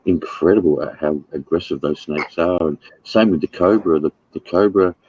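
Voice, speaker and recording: A man's voice: sits low, normal speed, a little mellow, slightly rough, muffled recording. An Australian man chatting casually, blunt and rambling, swearing freely. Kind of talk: casual chat.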